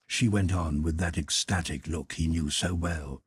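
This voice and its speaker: A man narrating a classic novel in a measured, calm manner. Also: very deep voice, slightly rough, no echo, studio quality. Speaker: audiobook narrator. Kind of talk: scripted narration.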